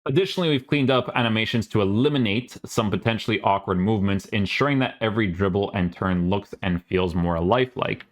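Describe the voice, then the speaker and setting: Male gamer host, deep voice, offhand sarcastic reactions while reading patch notes. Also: fairly quick, hardly any pauses. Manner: casual, sarcastic asides, many fillers. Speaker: gaming YouTuber.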